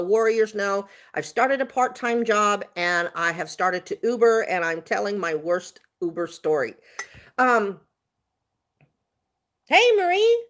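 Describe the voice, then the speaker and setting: A woman telling a story on a casual livestream, animated and chatty, laughing often. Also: fairly high pitch. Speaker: vlogger.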